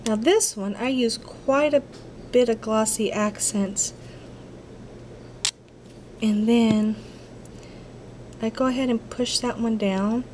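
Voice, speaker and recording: A woman's voice: on the high side, slow, pauses often, a little mellow, slight background noise. A woman giving a casual crafting tutorial, chatty and a little apologetic, talking to herself as she works at her craft table.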